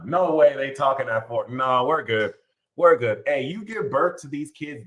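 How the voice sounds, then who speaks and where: A man hosting an astrology show, ranting casually and animatedly, swearing and jumping into high mocking voices when quoting others. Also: expressive, normal speed, a bit bright, poor audio. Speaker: astrology channel host. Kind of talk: casual livestream rant.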